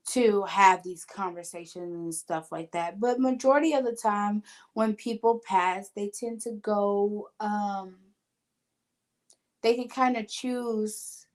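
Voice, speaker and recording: A woman talks in a casual podcast chat, an earnest spiritual medium with a mid-pitched voice. She tells her stories with feeling, slipping into the voices of the people she quotes. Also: darkish tone. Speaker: spiritual medium and show host.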